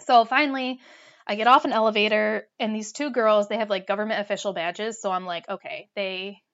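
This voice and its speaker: A young woman telling a personal story in casual chat, animated and full of "like" fillers. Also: mid-range voice, fairly quick. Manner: animated, lots of "like" fillers, laughs while telling. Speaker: storyteller guest. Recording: dull lo-fi sound.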